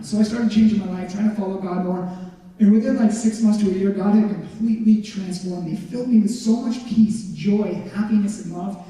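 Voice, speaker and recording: A young man tells his religious testimony in a loose, chatty way. His voice sits high but sounds deeply mellow and dark. He is heard from far off in a big hall with a long, roomy reverb. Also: steady tone, brisk. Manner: casual and chatty, full of "like" and "legit". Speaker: guest speaker.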